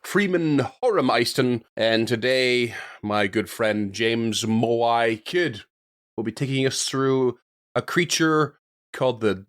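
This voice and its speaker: A man's voice: mid-range voice, a little slow. A man co-hosting a podcast in casual chat, easygoing, laughing often and hedging with fillers. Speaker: podcast co-host.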